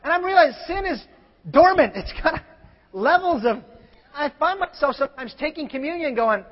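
Male pastor, very high voice, sermon delivery moving from loud scripture to soft confession. Dull, muffled recording. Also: lively intonation, fairly quick. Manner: swings from shouted scripture to quiet personal confession. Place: church sanctuary. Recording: muffled sound in a large reverberant hall.

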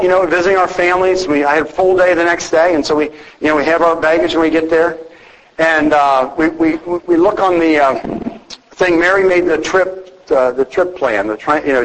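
A middle-aged pastor preaching a conversational sermon on marriage, telling personal stories to the congregation. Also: male voice, a little high, fairly quick, long reverb tail, poor audio.

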